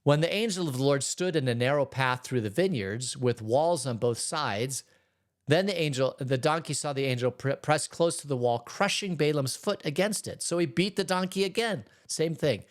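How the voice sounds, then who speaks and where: A man who is a pastor, giving a relaxed, conversational Bible teaching in church, reading scripture aloud and retelling it in everyday words. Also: on the high side, normal speed.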